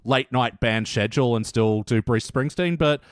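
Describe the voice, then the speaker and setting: A man's voice: medium pitch, moderate pace, dry recording. Male podcast co-host, mid-range voice, chatty anecdotal delivery, close dry mic. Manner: chatty storyteller, laughs often, leads the questions. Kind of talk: casual review chat.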